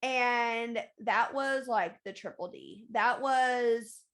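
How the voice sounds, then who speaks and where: A woman's voice: a little high, slow pace, a bit bright. A woman hosting a podcast, talking candidly and emphatically in a casual confessional monologue, often repeating phrases for stress. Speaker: podcast host.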